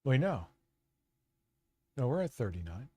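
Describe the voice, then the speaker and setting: A man's voice: medium pitch, very animated, unhurried, darkish tone, breathy edge, no echo. A man hosting a live stream, commenting on a clip in a sarcastic, crude, casual way. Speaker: streamer host.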